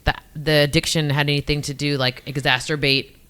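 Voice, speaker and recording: A man's voice: on the high side, little pitch movement, fairly quick, pushed and bright, clean tone. A man hosting a podcast, asking a guest hesitant, searching questions in casual chat. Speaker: podcast host.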